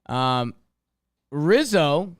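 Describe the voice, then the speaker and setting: A man's voice: on the high side, very animated, extremely slow. A man co-hosting a sports podcast, easygoing and ribbing his partner playfully. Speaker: podcast co-host. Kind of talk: casual sports podcast banter.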